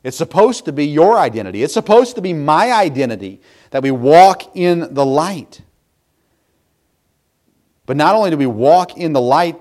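A man in his thirties preaching a sermon, swinging from loud, emphatic passages to soft, hushed confession. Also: a little high. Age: 30s. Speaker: pastor.

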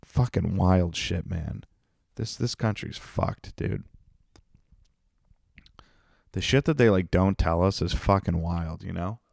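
A man's voice: low-pitched, slow pace, gravelly, long pauses, darkish tone, dry recording, studio quality. A man hosting his own podcast in a casual, rambling monologue, swearing a lot and joking at his own expense. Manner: rambling, swears constantly, self-deprecating jokes. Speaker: podcast host.

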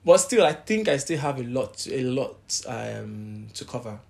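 A man talking candidly in a casual faith podcast chat, growing animated when he quotes others. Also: medium pitch, measured pace, creaky. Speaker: podcast co-host.

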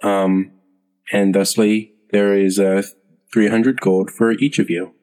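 A man voicing a formal, weary male king, speaking haltingly with many fillers. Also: fairly low pitch, little pitch movement, mellow. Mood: stately. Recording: long hall reverb.

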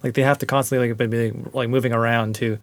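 A man's voice: medium pitch, level tone, fast. A man chatting casually as a guest on a podcast, laid-back and loose, with lots of filler words, over a remote call. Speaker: podcast guest and music producer. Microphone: remote call line.

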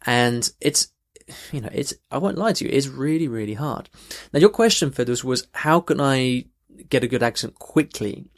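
A man's voice: mid-range voice, lively intonation, moderate pace. A man hosting a language-learning podcast, answering a listener's question earnestly with frequent restarts and emphatic rises. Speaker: podcast host and language coach.

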